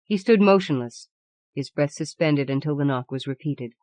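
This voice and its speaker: In this scripted audiobook narration, a woman tells the story in a measured, even way. Her voice is low, and there's no room sound.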